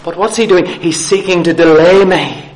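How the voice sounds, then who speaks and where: A man's voice: high voice, normal speed. A man preaching a sermon in an earnest way, asking his listeners questions and repeating key phrases for emphasis.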